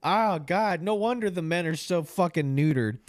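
A man's voice: fairly high pitch, animated, normal speed, no echo, clean studio sound. A man co-hosting a podcast in casual banter. He is sarcastic and crude and often slips into mocking voices. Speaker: podcast co-host.

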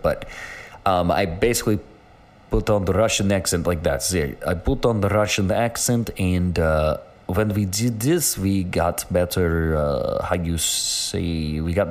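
A man with a low, deep voice hosts a solo podcast episode. He talks loosely and off the cuff, filling gaps with ums and uhs and restarting his sentences as he goes. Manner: rambling, with many fillers and restarts. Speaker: podcast host. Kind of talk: casual solo podcast chat.

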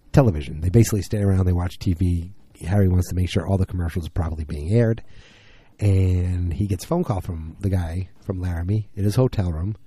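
A tired man casually recapping a TV episode, rambling and acting out the characters' lines in quick bursts. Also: low voice, dark tone, breathy edge. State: tired, yawning. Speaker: podcast host recapping a TV episode.

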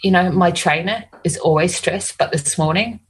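A low-ish, slightly rough female voice at normal speed, rough recording. The speaker is an Australian animal communicator and hypnotist rambling through stories in casual conversation, with many restarts and lots of "you know."

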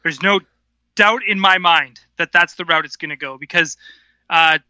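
A man's voice: a little high, moderate pace, bright, forceful tone, no room sound, rough recording. A man co-hosting a podcast in casual chat, laughing often and chiming in with jokes. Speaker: podcast co-host.

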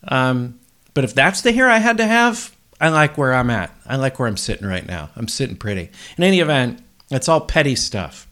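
A man's voice: medium pitch, a bit bright. A man hosting a solo podcast, rambling bluntly and swearing freely. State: up before dawn, tired. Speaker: podcast host.

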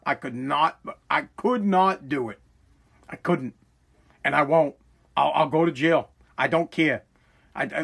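A podcast host from Massachusetts rants through a heated monologue. His voice sits high for a man. He swears freely and speaks with fiery intensity. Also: creaky, pushed and bright. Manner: ranting, profane, fiery.

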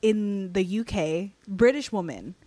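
A woman's voice: mid-range voice, a little slow, mellow, dry recording. A young woman telling a story in casual chat, rambling with many restarts and fillers.

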